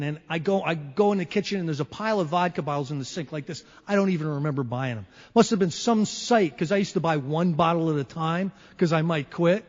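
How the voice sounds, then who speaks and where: A man shares his recovery story before a meeting, lively and wry, acting out scenes from his past. His voice sits fairly high. The old recording is dull and lo-fi, with his words ringing on in a long hall reverb. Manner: animated, wry storyteller who acts out moments.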